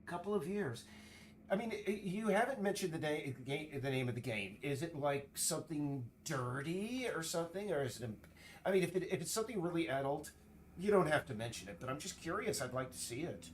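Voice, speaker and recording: A man streaming, chatting casually in a rambling, halting way full of restarts while he works. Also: a little high, expressive, a little hiss or hum. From United States.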